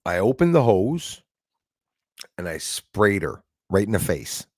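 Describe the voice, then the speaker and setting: Animated man telling a story, low voice. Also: measured pace, dry recording, studio quality. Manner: animated, acts out quoted voices, frequent fillers. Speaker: live stream host. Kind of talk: casual storytelling.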